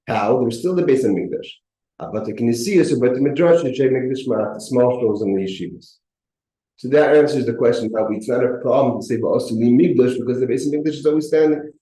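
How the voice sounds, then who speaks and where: A man's voice: mid-range voice, dark tone. Man teaching a Torah class, echoey room. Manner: mixes Hebrew and Yiddish terms into English, repeats words as he thinks. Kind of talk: Torah class explaining a text.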